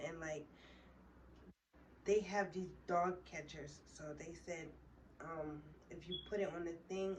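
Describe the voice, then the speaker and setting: A young woman with a low voice retells a story in a heated, rambling way, swearing constantly as she goes. The mic sits a little away from her. A faint hiss of background noise runs underneath. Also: far from the mic, poor audio. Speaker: vlogger. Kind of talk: casual storytime.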